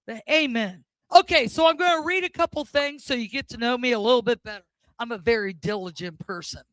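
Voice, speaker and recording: A woman's voice: on the high side, brisk, a bit bright, dry recording. A woman doing an awkward, self-deprecating stand-up set at an open mic.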